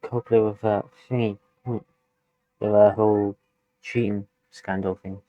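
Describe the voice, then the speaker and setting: British reactor with a low voice, chatty and giggly, recorded dry and close. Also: male voice, level tone, measured pace, warm tone, no echo, highs cut off. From United Kingdom. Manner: loose and chatty, laughs easily, hedges with "like". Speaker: reaction video host. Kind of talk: casual reaction commentary.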